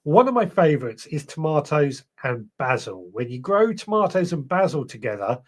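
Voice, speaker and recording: A man's voice: fairly high pitch, sing-song, moderate pace. A man hosting a gardening live stream, chatting casually and greeting viewers one by one. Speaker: podcast host. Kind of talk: live stream chat reading viewer comments.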